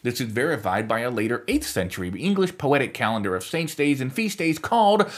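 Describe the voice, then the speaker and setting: A man's voice: mid-range voice, big pitch swings, a little fast. A man hosting a podcast, delivering scripted commentary with wry, sarcastic asides. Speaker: podcast host.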